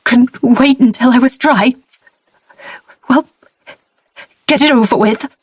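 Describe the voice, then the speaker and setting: A man's voice: very high-pitched, very animated, a little fast, a bit bright, dry recording, studio quality, pitched above the performer's own voice, heavily acted. A man voicing a desperate young woman captive. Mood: bitter. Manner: pleading, frantic, then bitter. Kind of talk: audiobook character voice.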